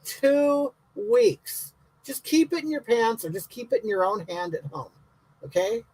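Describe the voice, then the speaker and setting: A man's voice: very high voice, unhurried, darkish tone, rough recording. A man playing a brash, bigoted elderly woman who answers viewers' comments in a comic livestream, talking in blunt, indignant, rambling rants.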